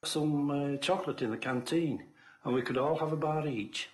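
An older man, a retired coal miner, reminiscing in casual conversation, unhurried and full of fillers. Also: a little high. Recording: roomy echo, faint noise.

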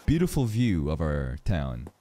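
In a very deep, unhurried voice, a man comments casually on an anime episode. His reactions are profane, and he drifts into long tangents, telling stories in an animated way.

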